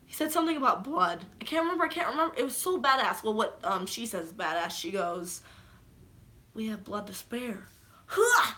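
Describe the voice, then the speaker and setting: A young woman with a bright, clear voice talks fast and loose about a movie she loved. She swears freely, says "um" a lot and jumps into quoted lines as she retells scenes. The tone is casual and eager. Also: a little high, animated. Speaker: vlogger. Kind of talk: casual spoiler recap.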